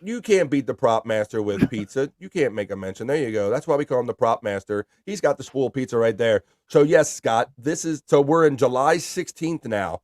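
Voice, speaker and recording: A man's voice: mid-range voice, animated, normal speed, hardly any pauses, darkish tone, no echo, clean studio sound. Chatty man hosting a live stream. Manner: reads viewer chat aloud, upbeat and chatty. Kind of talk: casual chat.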